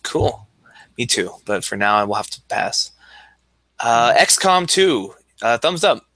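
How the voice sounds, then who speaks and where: A man co-hosting a casual podcast, relaxed, giving quick verdicts on games. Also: mid-range voice, dry recording. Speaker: podcast co-host. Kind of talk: casual chat.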